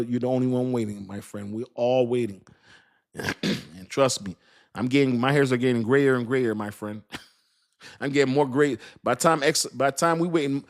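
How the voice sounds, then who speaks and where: A middle-aged man hosting a casual crypto talk. He reads chat comments aloud, repeats himself for emphasis and laughs at his own lines. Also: medium pitch. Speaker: crypto channel host.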